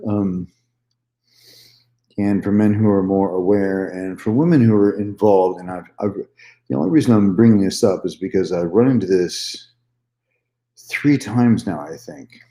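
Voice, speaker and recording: A man's voice: low voice, unhurried, long pauses, warm tone, reverberant. A man telling a personal story in a casual vlog monologue, candid and repetitive, swearing freely. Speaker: vlogger.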